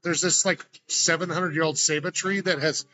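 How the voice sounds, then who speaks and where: A man's voice: on the high side, steady tone, brisk, bright, forceful tone. A man from Montana, chatting casually and animatedly, swearing freely and acting out quotes. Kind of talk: casual chat. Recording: dull lo-fi recording.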